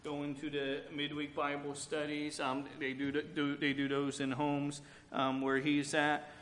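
A man's voice: fairly high pitch, monotone, measured pace, a bit bright, slight background noise. Earnest preacher man in an echoey church. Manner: earnest preaching mixed with candid personal storytelling. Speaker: pastor. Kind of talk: sermon. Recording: echoey room with faint ambience.

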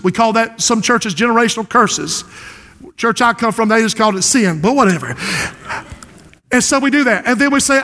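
A man with a South Carolina Lowcountry accent preaching a passionate sermon to a congregation, building to shouted refrains. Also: animated, normal speed. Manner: impassioned, rising to shouted refrains. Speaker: pastor. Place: large church sanctuary. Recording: long reverb of a church hall.

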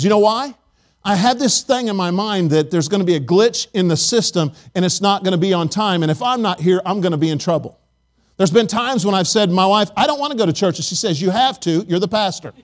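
High-voiced pastor preaching a chatty sermon. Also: male voice. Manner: chatty storytelling, asks the congregation for amens. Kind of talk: conversational sermon. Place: church sanctuary.

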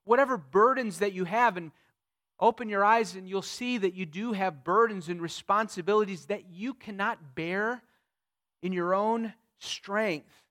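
A man preaching a sermon, retelling scripture in the first person, swelling loud on key phrases and dropping soft after. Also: sits high, a little slow. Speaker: pastor.

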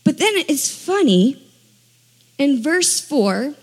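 A woman preaching a sermon in a conversational, animated way, acting out the people she quotes. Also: high voice, takes it slowly. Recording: long hall reverb.

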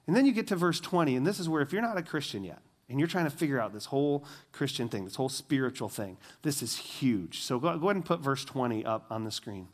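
A man's voice: mid-range voice, quick pace, hardly any pauses. A man preaching a casual, conversational sermon in a church, full of "like" fillers and acting out quotes as he retells a story. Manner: animated, mimics people in quotes. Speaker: pastor. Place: church with a screen.

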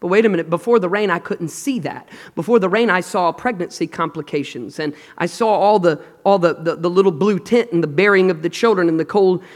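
A male pastor with a strikingly high voice delivers a sermon in a large auditorium. He moves between emphatic declarations and quiet, hushed lines, and invites the congregation to answer him. A long hall reverb trails after each phrase. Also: brisk, few pauses. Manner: emphatic, dramatic swings between loud and hushed, call and response.

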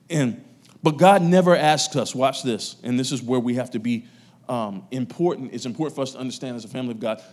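A man pastor preaching a sermon to his church, his loudness swinging between raised emphasis and quiet asides. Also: medium pitch. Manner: preaching with strong rises and drops in loudness.

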